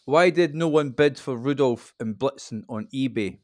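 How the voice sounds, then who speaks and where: A man in his fifties, a podcast guest, explaining things in a relaxed, rambling casual chat. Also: mid-range voice, moderate pace, dry recording, clean studio sound. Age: 50s.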